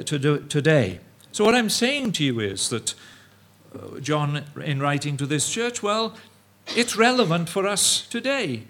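Halting male preacher, higher voice. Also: a bit bright. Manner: halting, many fillers and restarts; mimics opponents in quoted asides. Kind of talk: evening sermon.

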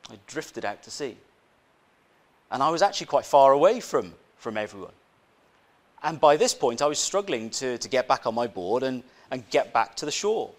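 A male preacher giving a conversational sermon, telling a personal story, often asking the congregation rhetorical questions and repeating his phrases. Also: mid-range voice.

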